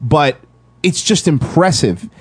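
Animated, swearing man telling a story. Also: a little high, slow pace, husky, dry recording. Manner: profane, animated storyteller, acts out quotes. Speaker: podcast co-host. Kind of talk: casual chat, storytelling.

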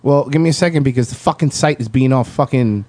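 A man's voice: medium pitch, fast talker, dry recording. A man hosting a casual podcast chat, swearing freely and stammering as he talks. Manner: profane, stammering, animated. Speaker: podcast host.

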